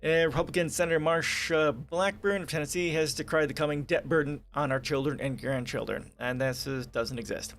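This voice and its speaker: On a laid-back political livestream, the male host reads articles out loud and then veers into profane, sarcastic rants. He talks a little fast with few pauses, in a fairly high, somewhat bright voice with fairly even intonation, and there's a slight hiss or hum on the recording.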